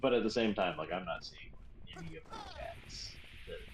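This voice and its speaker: Hoarse sick man, low and lively. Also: normal speed. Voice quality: scratchy voice. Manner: rambling casual chat, playful. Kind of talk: casual chat. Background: game music.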